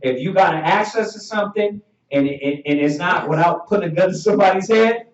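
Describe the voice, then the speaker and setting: A man with a fairly high voice preaches in an animated, laughing way as he leads a Bible class. He sounds distant from the microphone, and the muffled, dull audio carries heavy room echo. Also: brisk. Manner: animated, laughing, calls for verses.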